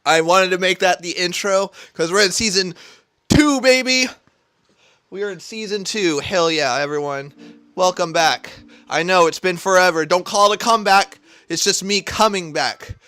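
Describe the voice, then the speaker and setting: A man's voice: sits high, normal speed, pushed and bright. A young man chatting through a casual cooking livestream from a home kitchen, rambling, swearing a lot and sounding hyped. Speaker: cooking streamer. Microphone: neck-mounted camera.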